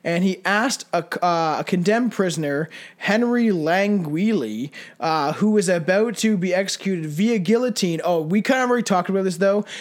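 A man with a high voice chats casually and profanely on a podcast. He reads out dark trivia but keeps breaking off with fillers and laughter. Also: expressive, normal speed, few pauses. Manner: loose and profane, many fillers, laughs often. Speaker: podcast co-host.

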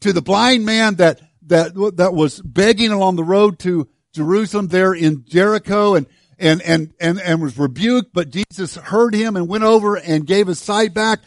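A man preaching a sermon to his church, swinging from hushed, slow lines to loud, fervent ones. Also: high voice, dry recording, studio quality. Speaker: pastor.

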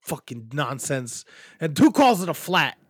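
A man co-hosting a casual wrestling podcast, talking in a profane, excitable, joking way. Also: fairly high pitch, measured pace, breathy edge, dry recording, clean studio sound. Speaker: podcast co-host.

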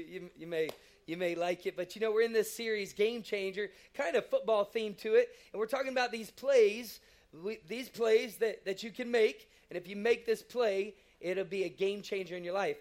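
A man preaching a sermon, talking in an enthusiastic, conversational way and leading the congregation in call-and-response. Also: high-pitched. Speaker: pastor.

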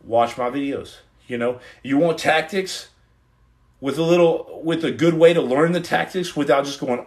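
A man's voice: on the high side, moderate pace. A man chatting live with his viewers in a slightly raised voice. He rambles and restarts his sentences and slips into earnest pep talk. The room around him is echoey. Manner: rambling and repetitive, with many restarts. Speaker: livestream host and former Navy SEAL. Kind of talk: casual livestream chat, reading viewer comments.

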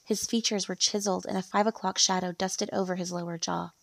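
A woman's voice: lowish voice, little pitch movement, a little fast, creaky, fairly bright tone, no room sound. A woman narrating a first-person romance story in a chatty, wry manner.

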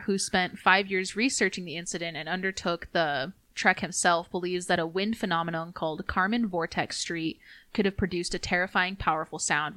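A woman co-hosting a podcast, reading research notes in a steady, casual way and stumbling over foreign names. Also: fairly low pitch, no room sound. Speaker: podcast co-host.

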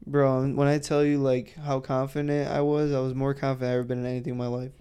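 A man co-hosting a podcast, telling a story in a casual, profane way and acting out the quotes loudly. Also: medium pitch, little pitch movement, fast, smooth. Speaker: podcast co-host.

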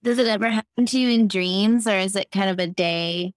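A woman as a podcast guest in casual chat, explaining things slowly and thoughtfully. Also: mid-range voice, smooth, dry recording.

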